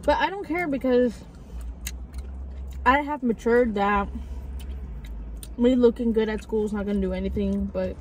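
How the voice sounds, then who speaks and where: A woman's voice: a little high, measured pace, long pauses, slight background noise, low-quality recording. A teenage girl hosting a casual eating vlog, chatty and slangy, talking with food in her mouth. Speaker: vlog host. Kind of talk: casual mukbang chat.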